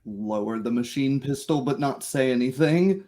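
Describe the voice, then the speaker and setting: A terse, laconic man playing a tabletop game, speaking in short phrases. His voice is mellow and dark. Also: medium pitch, lively intonation, moderate pace. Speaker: player.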